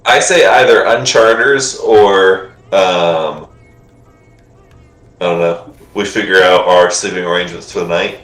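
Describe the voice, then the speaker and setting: A man's voice: deep voice, unhurried, a bit bright, echoey room, soft background music, poor audio. A man playing a tabletop game, talking in an unsure, laid-back way. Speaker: player. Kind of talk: casual chat at a game table.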